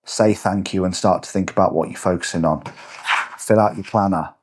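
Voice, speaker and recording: A man's voice: low voice, moderate pace, noisy background. A man hosting a podcast as a coach, giving a blunt, punchy motivational talk with swearing. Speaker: podcast host and fitness coach. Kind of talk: motivational monologue.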